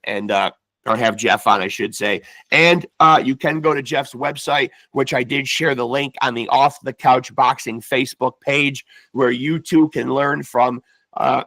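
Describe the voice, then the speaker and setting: A man's voice: mid-range voice, vocal fry, fairly bright tone, no room sound, poor audio. A man hosting a boxing podcast, talking in an effusive, rambling way and losing his voice. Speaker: podcast host. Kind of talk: casual interview sign-off and promo. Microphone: video call setup.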